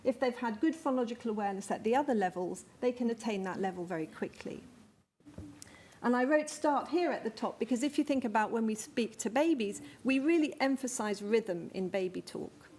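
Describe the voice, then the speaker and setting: A woman lecturing at an academic conference, in a slightly high voice. She explains each point step by step, pausing on small fillers and restarting a phrase now and then. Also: animated, a little mellow. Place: conference venue.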